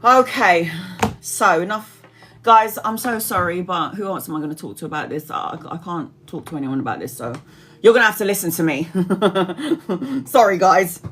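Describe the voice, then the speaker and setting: A woman's voice: fairly low pitch, animated, moderate pace, fairly bright tone, a little hiss or hum. Chatty woman rambling on a live stream. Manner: rambling, chatty, laughs often, reads out comments. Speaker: tarot reader hosting a live stream. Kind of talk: casual live-stream chat.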